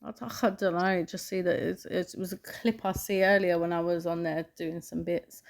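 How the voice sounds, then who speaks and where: A woman, co-hosting a podcast in relaxed, chatty, slangy talk. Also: on the low side, normal speed, vocal fry. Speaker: podcast co-host. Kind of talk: casual chat.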